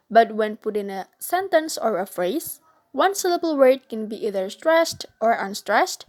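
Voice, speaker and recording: A young woman with an Indonesian accent presents a recorded class lesson. Her voice sits fairly high, and she reads each point in an even, explaining manner. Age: young adult. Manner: steady, read-aloud explanation. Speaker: student presenter.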